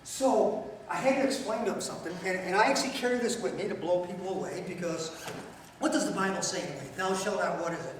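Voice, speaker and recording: A man's voice: sits high, fast talker, slight background noise. A middle-aged man giving a talk to an audience, telling stories bluntly with jokes and questions to the crowd. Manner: storytelling, blunt and joking, asks the audience questions. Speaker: speaker. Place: lecture hall. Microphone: far from the mic. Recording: very echoey hall, speaker far off.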